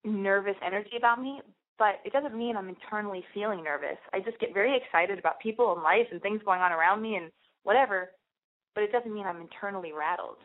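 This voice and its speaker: A woman's voice: mid-range voice, quick pace. Young woman on a call-in show, rambling and swearing, sounds like it's coming through a phone line. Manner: animated, profane, rambling with many restarts. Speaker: radio show host taking calls. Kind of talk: casual storytelling monologue. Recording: phone-like narrow band radio sound.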